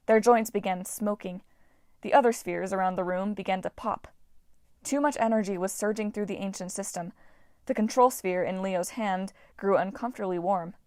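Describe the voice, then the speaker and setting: A woman reading a fantasy novel aloud as an audiobook narrator, voicing characters in a lively way. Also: dry recording. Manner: lively, voices characters with shouts. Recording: dry, low-quality home recording.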